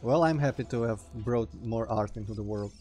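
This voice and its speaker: A man's voice: fairly low pitch, moderate pace, over music. Rambling man with a Russian accent. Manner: rambling, self-interrupting, reacts loudly to the game. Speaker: let's play host. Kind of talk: casual gameplay commentary.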